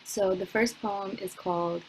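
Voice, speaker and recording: Young woman, spoken word poet, slow measured lines, flat steady pitch, computer mic at home. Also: a little hiss or hum, rough recording. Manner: slow, measured delivery with long pauses, chatty with fillers between poems. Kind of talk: spoken word poetry reading. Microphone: computer mic on a video call.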